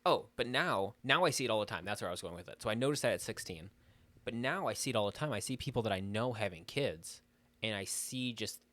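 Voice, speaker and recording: A man's voice: on the low side, expressive, fast talker, a bit bright, dry recording. A young man co-hosting a podcast in casual chat, rambling and losing his train of thought. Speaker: podcast co-host.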